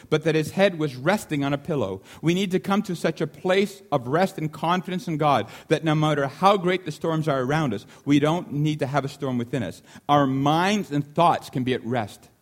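A man delivering a sermon with a voice pitched a little above the usual male range. He preaches in an animated way, repeating key lines for emphasis and briefly acting out the voices of people in the story. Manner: animated, acts out the disciples' shouting.

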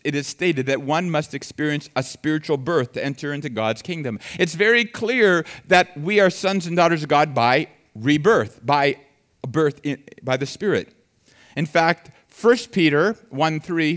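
Animated male preacher, slightly high voice. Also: measured pace. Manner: animated, swings from soft to loud with acted quotes. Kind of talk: sermon.

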